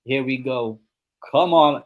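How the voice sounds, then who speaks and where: A young man hosting a live football watchalong at a desk mic, chatting loosely about the match and his predictions. He talks in a middle-pitched voice and keeps rambling, padding his sentences with ums and obviouslys. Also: takes it slowly, narrow, tinny audio. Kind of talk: casual chat and match predictions.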